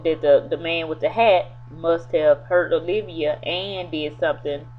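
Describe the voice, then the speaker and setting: Woman reviewer, low voice, chatty rambling recap, tinny phone-like audio. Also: fairly even intonation, measured pace, faint music behind. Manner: rambling, loose retelling with many fillers. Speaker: TV episode reviewer. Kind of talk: casual spoken episode recap. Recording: tinny phone-like sound with faint hum.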